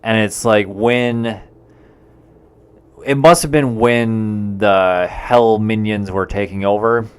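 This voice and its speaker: A man talks through a film's plot on a podcast in a relaxed, casual way. He speaks slowly, pausing often with "um" and "uh". His voice is smooth and clear and sits a little low. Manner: unhurried, hesitant with many fillers. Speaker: podcast co-host. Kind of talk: casual movie recap chat.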